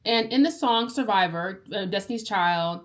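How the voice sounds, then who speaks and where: A woman's voice: mid-range voice, moderate pace. Woman book-club vlogger, casual chatty recap with swearing and fillers. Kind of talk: casual book review chat.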